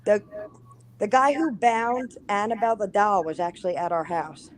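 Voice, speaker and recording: A woman in casual conversation, telling a haunting story in an animated, profane way and acting out what people said. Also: medium pitch, normal speed, poor audio. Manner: animated, profane, acts out quoted lines. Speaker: guest.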